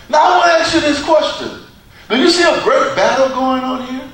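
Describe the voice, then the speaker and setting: A man preaching a sermon in a church, with a preacher's cadence, dramatic pauses and repeated phrases. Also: very high-pitched, fairly bright tone. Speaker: pastor. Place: church sanctuary. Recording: echoey church from far off.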